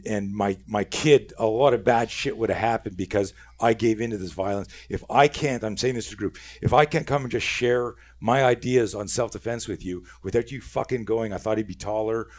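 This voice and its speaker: A middle-aged man with a somewhat low voice, telling a story in casual podcast chat. He is animated and profane and often restarts his sentences. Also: normal speed, few pauses. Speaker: podcast guest, self-defense instructor.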